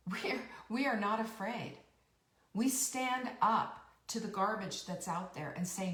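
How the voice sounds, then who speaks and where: A woman's voice: mid-range voice, a little slow, a bit bright, reverberant, far from the mic. A woman host giving a rousing motivational talk, emphatic and repeating her key phrases. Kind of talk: motivational live-stream talk.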